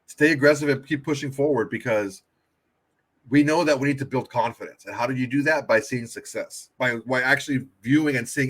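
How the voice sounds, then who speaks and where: A man's voice: mid-range voice, brisk, a bit bright, slightly rough. A man co-hosting a casual sports podcast, blunt and emphatic, swearing heavily. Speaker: podcast co-host.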